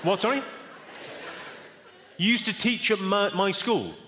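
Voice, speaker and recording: A man doing stand-up comedy, deadpan and brisk, teasing people in the audience from a theatre stage. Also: sits high, heavy background noise. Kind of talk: stand-up comedy with crowd work. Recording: echoey theatre hall, loud audience.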